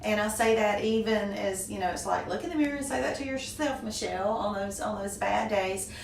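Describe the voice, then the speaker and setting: A woman's voice: medium pitch, fairly quick, gravelly. A middle-aged woman with a Southern US accent, answering interview questions graciously with frequent laughs. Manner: warm, gracious, laughs often. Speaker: guest, small business owner. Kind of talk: conversational interview. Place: room. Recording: echoey room from a distance, faint noise.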